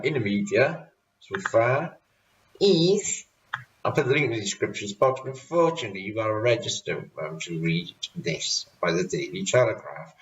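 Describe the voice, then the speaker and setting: A Welsh man from Wales hosting his channel, chatting casually and rambling with frequent laughs. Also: lowish voice. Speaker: channel host. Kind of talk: casual vlog recap. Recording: roomy, distant, dull sound.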